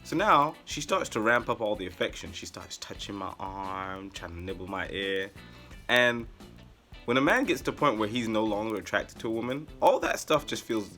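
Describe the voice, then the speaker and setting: Man, deep voice, bright edge, casual storytelling, rambling and sarcastic. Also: normal speed, faint music behind. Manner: animated, rambling, with sarcastic asides. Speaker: vlogger.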